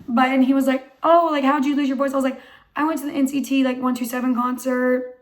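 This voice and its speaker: A young woman with a hoarse voice tells a story for her vlog in a high voice. She talks in an excited, chatty way and says "like" all the time. Her voice is still rough and not fully recovered. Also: fast talker. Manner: excited, chatty, heavy use of "like". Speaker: vlogger.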